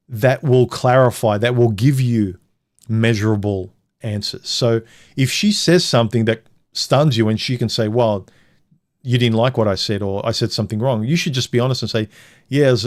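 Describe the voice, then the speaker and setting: A man's voice: medium pitch, a little mellow, no echo, clean studio sound. A man hosting a live stream, chatting casually and bluntly with his viewers, cracking jokes and giving frank dating advice. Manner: blunt, joking, talks straight to the chat.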